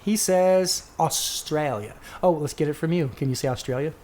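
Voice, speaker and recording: Man, podcast co-host, slightly high voice, casual, rambling, reads listener answers. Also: normal speed, dark tone, slight background noise. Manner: rambling, self-correcting, reads quotes aloud.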